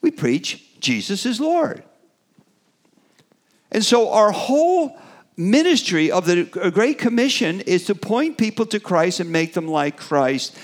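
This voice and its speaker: A middle-aged man preaching a sermon, animated, building to emphatic peaks and trailing off with fillers in between. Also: high voice, measured pace.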